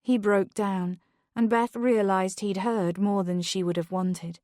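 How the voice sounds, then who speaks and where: A woman narrating a psychological thriller audiobook in a measured, tense, scripted delivery. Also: mid-range voice, steady tone, a little mellow, dry recording, clean studio sound.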